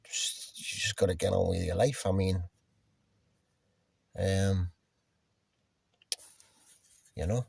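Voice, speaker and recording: A man's voice: deep voice, steady tone, takes it slowly, vocal fry, pauses often, a little mellow, slightly rough, dry recording. A man casually telling a personal story, rambling and swearing, with lots of restarts and fillers. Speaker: musician telling a personal anecdote.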